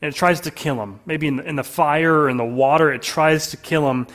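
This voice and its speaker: A man preaching a sermon to his congregation in an earnest way, often dropping to a soft, low voice for emphasis. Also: fairly quick. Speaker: pastor.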